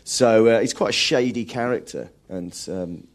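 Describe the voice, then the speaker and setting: Brief: male actor, slightly low voice, halting, restarts a lot mid-thought, live radio guest. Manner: halting, restarts often while searching for words. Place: live radio broadcast at a film festival.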